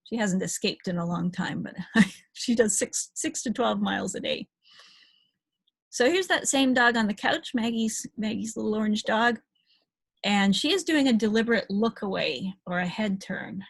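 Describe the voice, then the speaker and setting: A woman's voice: mid-range voice, animated, normal speed, vocal fry, slightly rough. A woman dog-behavior trainer giving a chatty recorded lecture, talking through slide photos with small laughs.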